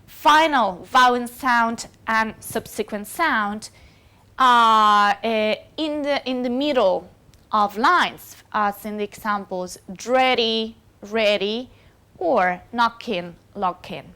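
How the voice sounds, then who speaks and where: A woman's voice: on the high side, takes it slowly, bright, forceful tone, clear, resonant tone. A woman whose first language is Spanish, giving a recorded university lecture with many fillers and self-corrections.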